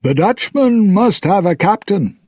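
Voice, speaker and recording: A man voicing a loyal, weary old pirate father in a higher, strained tone. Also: lively intonation, unhurried, a little mellow, slightly rough, dry recording, clean studio sound, heavily acted.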